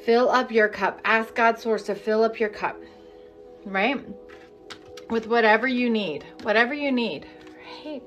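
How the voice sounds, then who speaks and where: A woman with a fairly high voice leads a live-streamed healing session. She talks frankly and casually, then slows into repeated, chant-like affirmations. Soft music plays faintly behind her. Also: muffled recording. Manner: candid, chatty and profane, then slow incantatory guidance. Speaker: energy healing coach.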